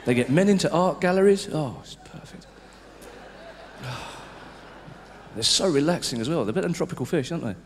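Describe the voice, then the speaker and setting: Male stand-up, high and lively, hall reverb and hiss on a live recording. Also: fairly quick, pauses often. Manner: swings from loud mock outrage to low, confiding murmurs. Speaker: stand-up comedian.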